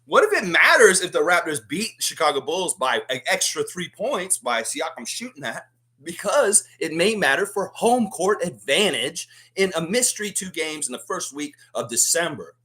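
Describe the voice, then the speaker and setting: A man's voice: a little high, moderate pace. A man hosting a live fan sports show, ranting heatedly and swearing freely. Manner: excitable, emphatic. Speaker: host of a fan basketball show. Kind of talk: live sports preview rant.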